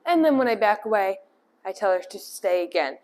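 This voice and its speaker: A woman dog trainer calmly explaining a lesson, with firm short commands to a puppy. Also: mid-range voice, fairly quick. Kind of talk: instructional demonstration.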